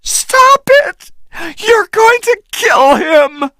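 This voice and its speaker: A man voicing a frantic young woman in a storybook reading, crying out in high, strained tones. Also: big pitch swings, very slow, bright, forceful tone, no echo, heavily acted. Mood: pleading, frantic.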